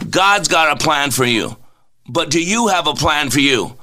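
A man's voice: fairly high pitch, unhurried, bright, forceful tone. A man hosting a Christian radio show, preaching with strings of rhetorical questions and emphatic repetition. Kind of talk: inspirational Christian radio talk.

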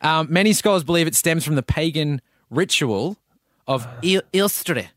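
A man's voice: fairly high pitch, animated, normal speed, fairly bright tone, dry recording, studio quality. A man co-hosting a comedy podcast, reading out notes with frequent laughter in casual chat. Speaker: podcast co-host.

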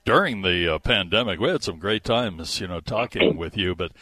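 A man's voice: sits low, normal speed, pushed and bright, breathy edge. A man hosting a radio movie show, teasing his co-host and chuckling often. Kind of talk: casual radio chat.

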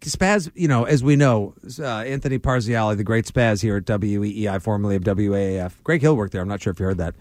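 A man's voice: fairly low pitch, fast talker, few pauses, a little mellow, no echo, studio quality. A man co-hosting a radio sports show in casual banter, playful and sarcastic.

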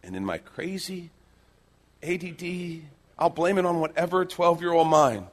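A middle-aged male pastor preaching a sermon, telling stories with lively changes between loud acted-out lines and hushed quiet moments. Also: on the high side, measured pace. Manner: animated storytelling, acting out quoted lines, dropping to hushed tones.

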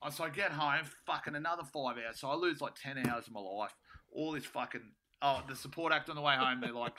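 A man's voice: fairly high pitch, animated, a little fast, bright, forceful tone, slight background noise. A young man, a comedian, telling a story in casual, rambling style, sweary and self-mocking, with lots of restarts. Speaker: comedian guest.

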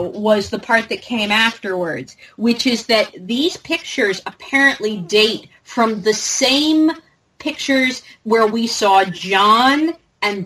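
A woman's voice: on the high side, fairly bright tone, low-quality recording. A woman hosting a casual fan podcast, talking animatedly with many fillers and restarts. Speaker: podcast host.

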